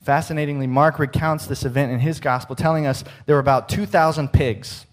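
A man preaching a sermon, slowing for emphasis and dropping to a hush at the ends of lines. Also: a little high. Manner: expressive, slows for emphasis and drops to a hush at line ends.

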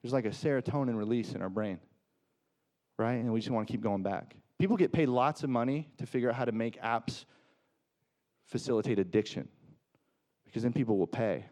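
Mellow-voiced man preaching conversationally. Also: medium pitch, expressive, a little fast. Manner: conversational preaching, acts out quotes, rhetorical questions. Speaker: pastor. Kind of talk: sermon.

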